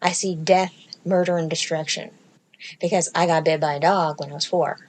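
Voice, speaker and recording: A woman podcast host telling a comedic story in casual chat, profane and sassy, with animated delivery. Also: deep voice, moderate pace. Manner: profane, animated, sassy delivery with mocking baby-talk impressions.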